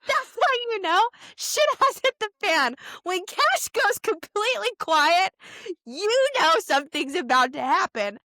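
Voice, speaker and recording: A young woman co-hosting a podcast, telling family stories in an animated way and laughing often. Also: very high voice, no room sound, studio quality. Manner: animated storytelling, quick to laugh. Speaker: podcast co-host. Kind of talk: casual chat.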